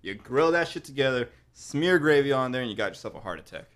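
A man's voice: medium pitch, fast. A man co-hosting a podcast, cracking crude jokes in casual banter. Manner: joking, crude, animated. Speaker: podcast co-host.

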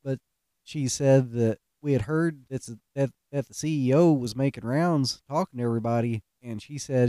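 A man's voice: mid-range voice, moderate pace, mellow, no room sound, studio quality. A middle-aged man, telling stories in a folksy, self-mocking way and laughing at his own pranks. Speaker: podcast host. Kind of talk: casual storytelling monologue.

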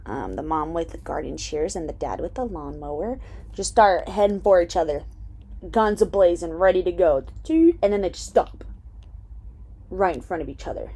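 A woman's voice: lowish voice, big pitch swings, moderate pace, mellow, slightly rough. A woman casually recapping a TV episode, chatty with lots of "um" and "like" and some swearing. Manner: chatty, full of "um" and "like", swears freely. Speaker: TV episode reviewer.

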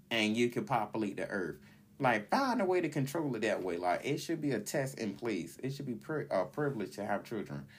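A man's voice: mid-range voice, a little mellow. A man hosting a solo podcast, ranting bluntly and indignantly in a rambling way, filling his talk with "like". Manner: opinionated, rambling, heavy use of "like". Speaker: podcast host.

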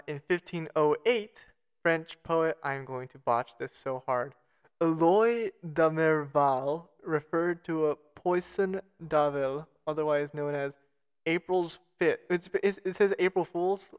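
A man's voice: fairly high pitch, steady tone, normal speed, clear, resonant tone. A man co-hosting a casual podcast, reading out facts with self-mocking jokes and stumbling over foreign names. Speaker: podcast co-host.

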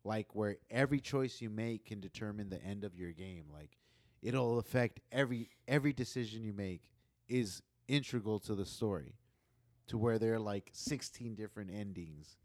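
A man hosting a podcast, chatting casually and telling animated stories with plenty of swearing. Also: lowish voice, moderate pace, no echo, studio quality. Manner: swears freely, animated storyteller. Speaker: podcast host. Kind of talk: casual chat.

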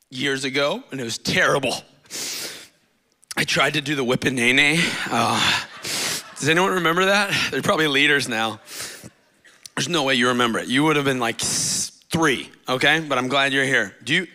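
A man's voice: medium pitch, pushed and bright. A man in his thirties preaching a sermon in a church, emotional and rambling, getting tearful at times. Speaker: guest preacher. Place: church stage.

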